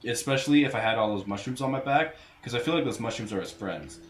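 A man giving casual gameplay commentary, crude and full of swearing, with sudden loud outbursts. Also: medium pitch, quick pace. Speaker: let's play gamer. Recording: roomy echo, faint noise.

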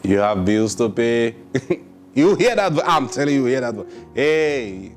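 A man's voice: medium pitch, very animated, normal speed, faint music behind. A male pastor preaching a sermon, driving points home with emphatic rhetorical questions and acting out prayers in quoted voices. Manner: acts out prayers and replies in quotes.

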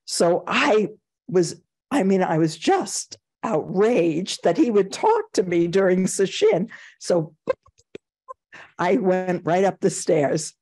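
A woman's voice: fairly low pitch, big pitch swings, slow, a little mellow, breathy edge. An older woman with a New York accent giving a Zen dharma talk, telling anecdotes, chuckling and acting out the voices she quotes. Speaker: Zen teacher.

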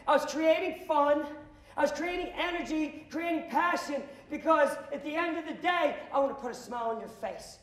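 A man speaking as a motivational speaker to students, telling a story with lots of energy. He acts out the dialogue and now and then bursts into shouts. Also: extremely high pitch, moderate pace, roomy sound. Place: school auditorium.

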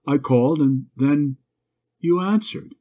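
A proud, self-willed schoolgirl from an old storybook, voiced by a man reading aloud. The voice sits higher than his own and stays husky. The sound is narrow and tinny, like a phone line. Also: takes it slowly. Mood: lonely, pleading. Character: proud, willful young schoolgirl lost in fog.

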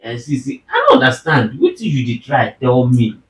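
A young Nigerian man argues with his wife at home and keeps demanding a plain explanation, mostly in Pidgin. His pitch sits in the middle. He sounds distant, in an echoey room. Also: huge pitch swings, moderate pace. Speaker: husband. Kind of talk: casual argument between spouses. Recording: roomy and distant.

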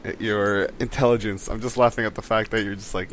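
A man's voice: lowish voice, fairly even intonation, a little fast, a bit bright, a little hiss or hum. A man co-hosting a casual podcast chat, teasing the others and laughing often. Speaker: podcast co-host.

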